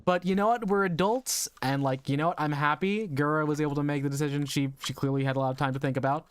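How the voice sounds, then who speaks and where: A young adult man with a higher-pitched, smooth voice talks quickly and casually to viewers while live-streaming a game as a VTuber. He rambles and laughs a lot, and his voice sounds slightly strained. The recording has no echo.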